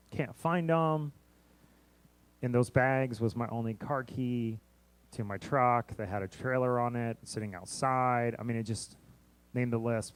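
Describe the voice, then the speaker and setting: Guy preaching in church, telling a story, stumbles and repeats himself a lot, medium pitch. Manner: repeats words and restarts often, animated when quoting others. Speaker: missionary preacher. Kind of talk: sermon storytelling. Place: church sanctuary.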